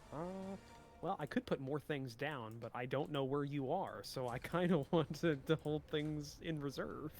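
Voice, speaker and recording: A man's voice: a little high, slow, darkish tone, faint music behind. A man in casual gaming chat as a guest player, chatty and hesitant, with many fillers and easy laughs.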